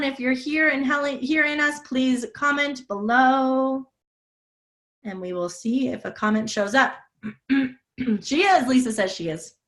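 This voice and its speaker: A health coach runs a live online masterclass over a video call, upbeat and effusive as she reads viewer comments and answers questions in a sales-style webinar Q&A. Her voice is high, a little slow and a bit bright.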